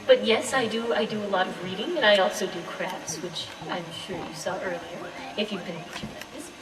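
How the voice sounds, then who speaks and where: A woman's voice: mid-range voice, fairly quick. A young woman on a silly kids' show, answering fan mail in a hesitant, rambling way. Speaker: co-host. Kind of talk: playful in-character chat. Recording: roomy, distant mic.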